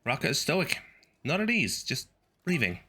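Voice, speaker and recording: A man's voice: on the high side, very animated, moderate pace, pushed and bright, slightly rough. A male streamer reading a video game's story text aloud and adding wry, sardonic asides.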